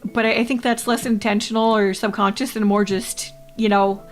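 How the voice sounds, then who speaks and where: A woman's voice: mid-range voice, little pitch movement, normal speed. A woman from Canada, chatting casually with her livestream chat, rambling and laughing often. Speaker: VTuber streamer.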